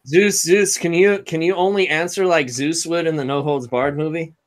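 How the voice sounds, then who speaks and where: A man's voice: fairly high pitch, fairly even intonation, moderate pace. A man co-hosting a wrestling podcast, joking around in crude, profane banter. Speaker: podcast co-host. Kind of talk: casual banter.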